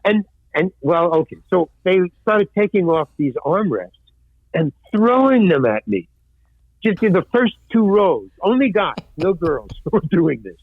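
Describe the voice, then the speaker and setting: An older man, a former stand-up comic, telling lively anecdotes in an interview and acting out the voices of people he quotes. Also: sits high, a little slow, husky, no room sound. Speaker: guest, actor and former stand-up comedian. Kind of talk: storytelling interview. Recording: dry, tinny phone-like line.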